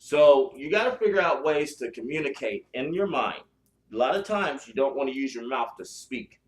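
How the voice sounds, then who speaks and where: A man's voice: medium pitch, lively intonation, moderate pace. A man hosting a spiritual podcast, talking bluntly and profanely in a casual chat style, with lots of restarts. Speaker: podcast host. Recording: echoey room.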